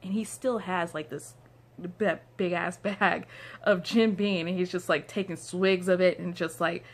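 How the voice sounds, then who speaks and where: A woman's voice: on the low side, fairly even intonation, measured pace. Rambling young woman telling a story. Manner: rambling, lots of "like" fillers. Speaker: vlogger. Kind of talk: casual storytime. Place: downstairs room at home. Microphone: phone.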